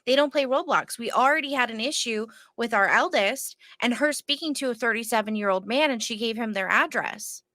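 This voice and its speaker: A woman's voice: a little high, fairly quick, hardly any pauses, pushed and bright, dry recording. A woman co-hosting a casual podcast, talking emphatically and indignantly. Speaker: podcast co-host.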